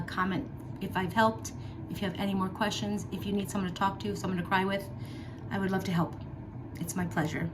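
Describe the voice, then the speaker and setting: There's background noise as a middle-aged vlogger, speaking at medium pitch, addresses her viewers earnestly and personally. She leans on emphatic repeats and casual fillers throughout her heartfelt talk to camera.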